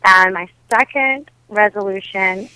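A woman's voice: medium pitch, unhurried, pushed and bright, clear, resonant tone, no echo, rough recording. A young woman with a Wisconsin accent, chatting loosely and frankly as a podcast guest, giggling often and filling her talk with "like". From Wisconsin, USA. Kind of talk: casual chat.

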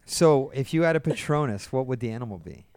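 A woman's voice: very deep voice, expressive, fast talker, a little mellow, no room sound. A woman hosting a casual podcast interview, asking blunt, probing questions. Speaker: host.

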